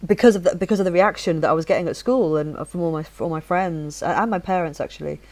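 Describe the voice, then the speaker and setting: Chatty woman with a softened northern accent. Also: on the low side, fast talker. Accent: softened northern English, near-neutral British. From northern England. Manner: chatty, animated, frequent restarts and swearing. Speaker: podcast host. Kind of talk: casual podcast chat.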